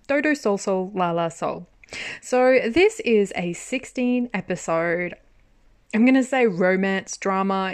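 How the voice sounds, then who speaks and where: A woman hosting a casual podcast from her home study. She talks excitedly, laughs often and swears casually. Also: mid-range voice. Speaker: podcast host.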